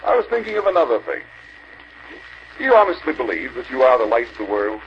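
Older male preacher, fervent exhortation, lively pitch, muffled archival tape. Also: quick pace. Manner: earnest exhorting, rhetorical questions. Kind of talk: convention sermon. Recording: dull archival recording with faint hiss.

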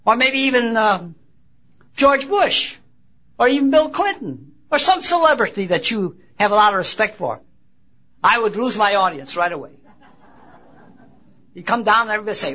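A man delivers a sermon in a husky, bright, rather high voice. He talks haltingly, restarting phrases and pushing up on key words. The recording is dull and lo-fi. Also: sing-song. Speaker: preacher. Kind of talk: sermon with Bible reading. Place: convention gathering.

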